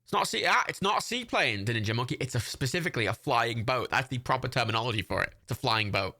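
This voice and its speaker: A man's voice: medium pitch, lively intonation, fast, bright, forceful tone. A man, hosting a livestream and giving casual, rambling watch-party commentary. He swears freely and laughs often. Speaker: livestream host.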